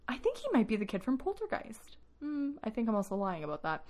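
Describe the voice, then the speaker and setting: A woman's voice: on the high side, wildly swooping pitch, fast, a little mellow. A woman co-hosting a podcast in casual chat, telling stories animatedly and laughing often. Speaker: podcast co-host.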